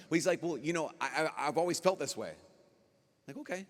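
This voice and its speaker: A man, a priest speaking at a youth conference, giving a lively talk and acting out dialogue as he tells stories. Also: mid-range voice, fast. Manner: animated storyteller acting out dialogue. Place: large conference hall. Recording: long hall reverb.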